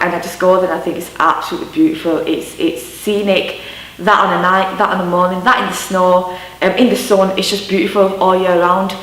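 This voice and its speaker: A woman in her twenties with a Yorkshire accent, chatting candidly about growing up, with lots of "you know" and "um". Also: on the low side. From Yorkshire, England. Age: 20s. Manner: chatty, warm storytelling with many fillers. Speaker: interviewee. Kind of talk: candid personal recollection. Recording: roomy sound from a mic at a distance.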